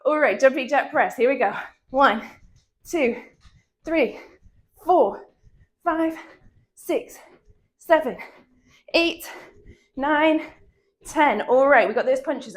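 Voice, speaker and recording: Woman fitness instructor, thirties, cheerful rep counting, a cold in her voice, higher pitch, unhurried. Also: animated. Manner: upbeat counting coach, laughs often. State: has a cold, slight cough in the voice. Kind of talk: workout class coaching.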